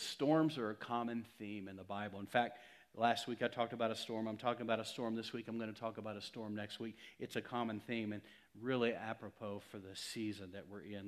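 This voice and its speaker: A male pastor preaching a sermon in a conversational, emphatic way, swinging from loud to hushed. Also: medium pitch.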